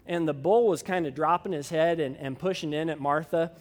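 A man's voice: on the high side, a little fast, long reverb tail. A man pastor preaching a sermon and telling a personal story in a folksy way, with many fillers.

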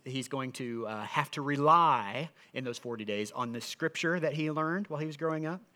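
A middle-aged man preaching with a bright, forceful voice. He speaks earnestly and conversationally, often restarting his phrases as he explains scripture to his listeners. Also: mid-range voice. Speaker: pastor. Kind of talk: sermon.

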